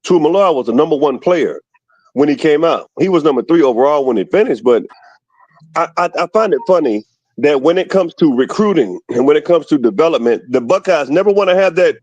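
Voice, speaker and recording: A man from Alabama calling in to a football show, arguing about recruiting in an animated, opinionated way. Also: fairly high pitch, brisk, no echo, lo-fi sound. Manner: animated, argumentative about team stats. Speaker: caller. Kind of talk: casual call-in chat.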